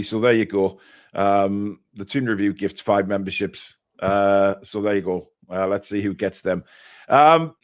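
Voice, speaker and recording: A man hosts a casual fan live stream at a mid pitch. He reads out viewer messages between blunt, chatty opinions.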